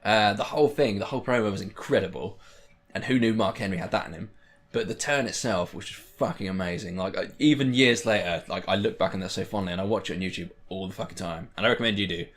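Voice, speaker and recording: A young man chatting casually as a vlogger, excitable and rambling, swearing freely. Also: lowish voice. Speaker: wrestling vlogger. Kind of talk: casual chat.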